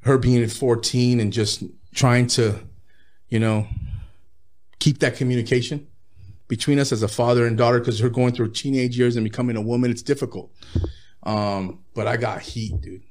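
A man's voice: mid-range voice, fairly even intonation, normal speed, a little mellow. Profane laid-back man telling stories. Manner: profane, laid-back storytelling with frequent laughs. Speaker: rapper guest. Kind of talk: casual interview storytelling.

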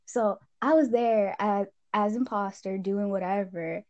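A woman's voice: medium pitch, unhurried, highs cut off. A young woman in casual chat, telling game stories with lots of laughter and animation. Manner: animated storytelling, frequent laughter.

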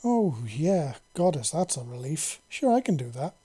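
A man's voice: on the high side, big pitch swings, normal speed, warm tone, breathy edge. A man voicing a brash young human soldier who swears and talks bluntly but nervously. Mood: relieved.

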